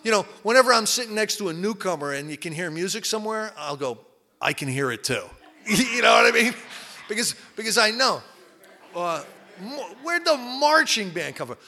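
A man's voice: high-pitched, very animated, moderate pace, sharp tone. A man from New Jersey giving a candid, rambling personal testimony at a recovery meeting, full of fillers and repeats. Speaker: recovery speaker.

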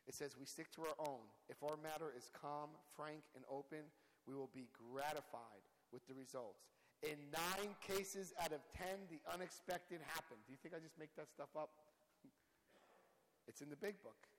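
Man, candid recovery-meeting speaker; higher than usual voice, long hall echo. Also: moderate pace. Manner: candid, storytelling, reads aloud and asks listeners to circle words. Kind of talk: testimony and text study.

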